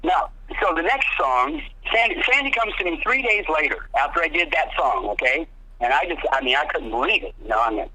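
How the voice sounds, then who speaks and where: A man's voice: a little high, a little fast, low-quality recording. A man telling studio stories in a casual interview, swearing freely and acting out what others said. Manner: animated, swearing, acts out quotes in other voices. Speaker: guest guitarist.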